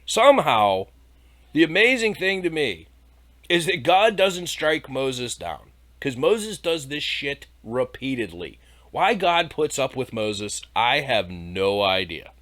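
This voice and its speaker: A man's voice: mid-range voice, big pitch swings, slow pace, a bit bright. A man hosting an irreverent comedy podcast, reading Bible passages aloud and mocking them with profanity, sarcasm and laughter. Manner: profane, sarcastic, laughs at his own jokes; reads scripture aloud then mocks it. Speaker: podcast host.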